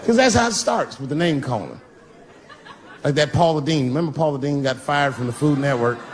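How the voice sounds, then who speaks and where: A middle-aged man doing a live stand-up routine, punchy and profane, swinging between loud bursts and low asides. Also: animated, brisk, some chatter behind. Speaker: stand-up comedian. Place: comedy stage before a live crowd. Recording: noisy live stage recording with audience.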